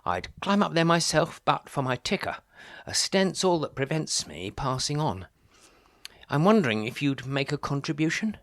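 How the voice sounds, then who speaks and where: A man's voice: mid-range voice, fairly bright tone, no room sound, studio quality. A man playing a flustered older vicar. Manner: theatrical, exclamatory, wry and sarcastic. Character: older male vicar, harried, fundraising door to door. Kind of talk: comic verse monologue.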